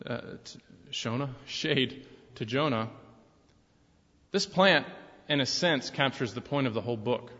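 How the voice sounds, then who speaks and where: A man of middle pitch preaches a sermon, pressing his points with rising force and then dropping back to a quieter tone. His voice rings with a long reverb, as if it fills a church, and the recording sounds dull and lo-fi. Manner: emphatic preaching that swells louder and higher on key points. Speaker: pastor. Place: church sanctuary.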